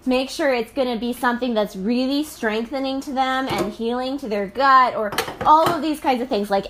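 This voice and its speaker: A woman in her thirties, a mother, musing in a casual, chatty, animated monologue full of fillers and laughs. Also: fairly high pitch, noisy background.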